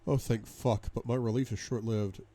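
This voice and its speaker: A man reading a novel aloud in first person, dramatic, moving between hushed despair and loud outbursts. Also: medium pitch, steady tone, moderate pace. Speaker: audiobook reader.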